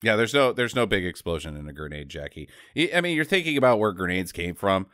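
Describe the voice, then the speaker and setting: A man co-hosting a casual podcast, animated and laughing, explaining things at length. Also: sits low, fast, dry recording, clean studio sound. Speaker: podcast co-host. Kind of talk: casual movie-riffing chat.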